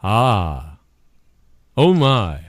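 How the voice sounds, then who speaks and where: A man hosting a casual livestream show, rambling and swearing a lot, with a hoarse voice. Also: on the low side, very slow, dry recording, studio quality. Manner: profane, rambling and animated. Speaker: show host.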